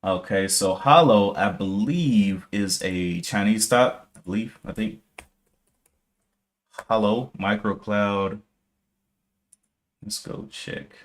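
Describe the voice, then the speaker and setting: With a somewhat low voice, a man speaks slowly and pauses often while live-streaming his day trading. He thinks aloud casually, reads out viewer comments, and corrects himself as he checks charts.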